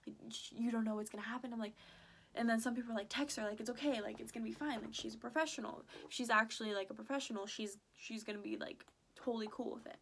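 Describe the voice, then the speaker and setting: A young adult woman vlogger tells a story in a chatty, animated way, using lots of "like" and acting out quoted back-and-forth exchanges. Her voice is fairly high with vocal fry, and she talks quickly. A little hiss or hum is audible.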